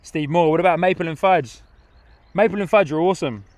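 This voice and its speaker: This young man's voice is fairly high and a little fast, recorded dry. He's casually running a live stream outside at an airport viewing spot, reading comments from viewers aloud and laughing a lot.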